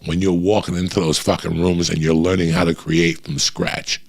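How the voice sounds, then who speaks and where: Middle-aged guy with a low gravelly voice, swearing constantly, telling comedy road stories. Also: moderate pace. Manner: profane, animated storytelling. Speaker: comedian guest. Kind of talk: storytelling chat.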